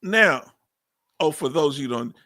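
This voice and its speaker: A man's voice: a little high, animated, slow pace, bright, forceful tone. A Texan man in his fifties with a Southern accent, hosting a casual live stream as a veteran, reading viewer comments aloud and laughing often. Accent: Southern US, Texas. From Texas. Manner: chatty, laughing, drawling asides. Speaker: livestream host, veteran.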